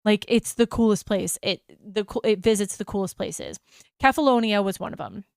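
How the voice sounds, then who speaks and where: A woman's voice: medium pitch, normal speed, vocal fry, darkish tone, clean tone, no echo, studio quality. An American woman hosting a travel podcast, telling an enthusiastic, gushing story in a casual chat.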